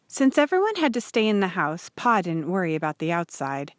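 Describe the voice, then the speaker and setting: A woman reading a children's chapter book aloud in a steady, clear storytelling voice. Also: on the low side, brisk, hardly any pauses, dry recording, clean studio sound. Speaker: audiobook reader.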